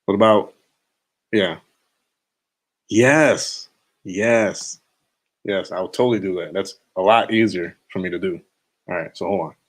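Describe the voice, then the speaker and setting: Late at night, a young man chats casually on his live stream in a low voice, taking his time and leaving long pauses. His talk is relaxed, slangy, and rambling, with chuckles to himself.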